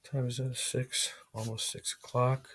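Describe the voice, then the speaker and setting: A man's voice: mid-range voice, flat delivery, measured pace, a bit bright, breathy edge. A man live-streaming, chatting casually in a rambling way and swearing freely.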